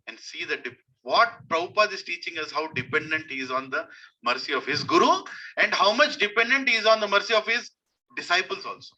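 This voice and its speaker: A man's voice: high-pitched, bright, forceful tone, poor audio. A man with an Indian accent giving a devotional sermon, emphatic and repeating his key phrases. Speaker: preacher.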